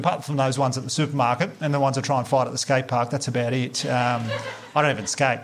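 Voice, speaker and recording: A man's voice: medium pitch, steady tone, quick pace, a little hiss or hum. An Australian man doing a stand-up comedy set, chatty and sweary, acting out bits of dialogue with the crowd. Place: comedy venue with live audience.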